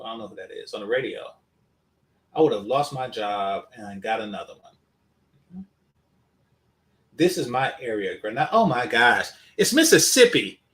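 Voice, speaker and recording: Man, commentary host, scornful, profane, high animated pitch. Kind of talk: reaction commentary.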